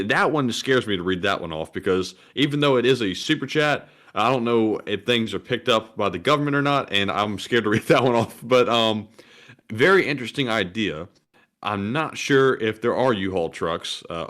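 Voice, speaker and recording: A male co-host on a live stream, reading viewer messages in a steady, friendly cadence. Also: lowish voice.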